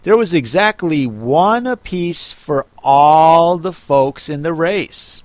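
A man reads a classic storybook aloud in a measured, expressive narration. His pitch moves lively while the pace stays slow. The recording is dry and close. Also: no room sound. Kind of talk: storybook audiobook reading.

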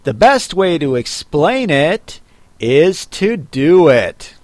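A man voicing a solemn, pompous dodo bird in a storybook reading, speaking gravely. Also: a little high, very animated, slow, a little mellow, dry recording.

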